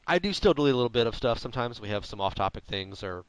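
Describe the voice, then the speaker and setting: A man hosting a podcast in casual chat, droll and sarcastic with a deadpan wit and rambling asides. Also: medium pitch, fast, smooth, no room sound, poor audio. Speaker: podcast host.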